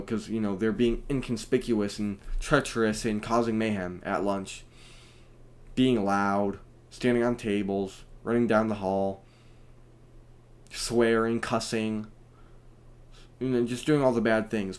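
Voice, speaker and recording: Brief: young man, casual home stream, rambling, animated, slangy storyteller. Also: lowish voice. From United States. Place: at home, indoors.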